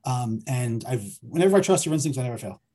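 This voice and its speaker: Middle-aged filmmaker, male, mellow husky voice, thinks aloud with repeats. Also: medium pitch, lively intonation, fast. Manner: hesitant, repeats words while thinking aloud. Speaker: filmmaker and writer guest. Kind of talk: conversational interview.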